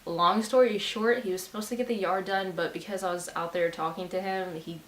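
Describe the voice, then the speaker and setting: A woman in her twenties chatting casually on a storytime video, playful and quick to laugh. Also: fairly low pitch, fairly even intonation. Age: 20s. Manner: chatty and giggly, playful teasing. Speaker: vlogger. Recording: roomy sound, distant mic, faint hiss.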